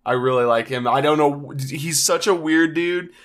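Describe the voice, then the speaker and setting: A man's voice: fairly high pitch, moderate pace, a bit bright. A man co-hosting a casual podcast chat, laid-back and wry with dry asides. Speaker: podcast co-host.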